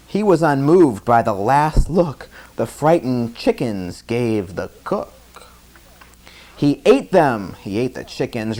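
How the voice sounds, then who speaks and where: A man's voice: mid-range voice, sing-song, takes it slowly, a little mellow. A man reading a bedtime story aloud to a child in a chatty way, stopping to explain words as he goes.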